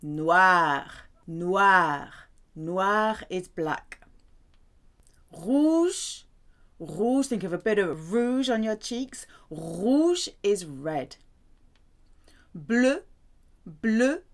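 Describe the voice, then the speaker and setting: A woman from the UK teaching a French lesson, saying each word slowly and repeating it with careful emphasis. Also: on the low side, a little mellow. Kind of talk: slow, deliberate language lesson.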